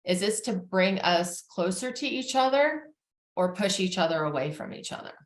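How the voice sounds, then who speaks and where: A woman therapist giving a calm, measured educational talk on family relationships, with frequent fillers. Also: medium pitch, reverberant.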